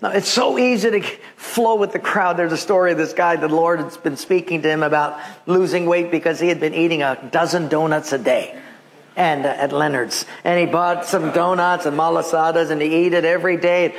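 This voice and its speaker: A man preaching a sermon as pastor, telling stories with lively acted-out voices. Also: a little high, a little fast. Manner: animated storytelling, acting out voices.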